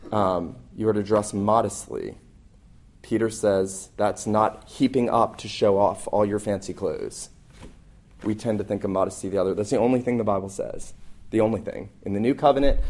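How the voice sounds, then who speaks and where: A man's voice: on the low side, darkish tone. A man preaching as a pastor, earnest and emphatic, often restarting his phrases as he builds a point. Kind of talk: sermon.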